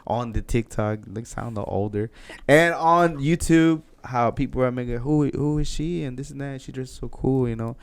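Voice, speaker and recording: A man's voice: medium pitch, moderate pace, few pauses, clean tone. A man hosting a podcast interview, chatting casually and encouragingly, rambling with frequent restarts. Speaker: podcast host.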